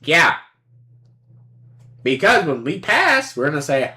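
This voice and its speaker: A woman's voice: low-pitched, sing-song, slow pace, long pauses, pushed and bright, a little hiss or hum. A woman streamer giving casual commentary on a card game, playful and sarcastic, acting out both sides of the table and swearing freely.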